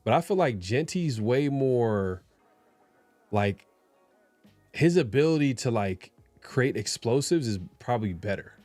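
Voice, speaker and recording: A man's voice: mid-range voice, expressive, a little slow, darkish tone, dry recording, faint music behind. A man co-hosting a casual sports talk show, laid-back and repeating himself often. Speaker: co-host.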